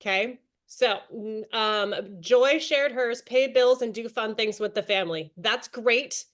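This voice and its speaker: A woman's voice: on the high side, unhurried. A woman in her thirties leading an online team training call, chatty and encouraging, calling on attendees by name. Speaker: direct sales team leader.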